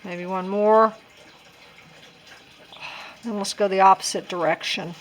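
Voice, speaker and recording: A woman's voice: mid-range voice, fairly even intonation, takes it slowly. A woman talking casually through a craft tutorial, chatty and self-deprecating as she works things out aloud. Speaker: crafting vlogger.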